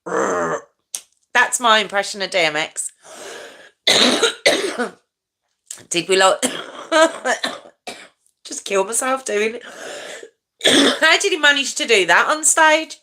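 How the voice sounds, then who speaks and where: A woman's voice: on the high side, expressive, slow pace, pauses often, pushed and bright. A woman in her forties hosting a casual live stream, chatty and rambling, teasing herself and answering viewer comments.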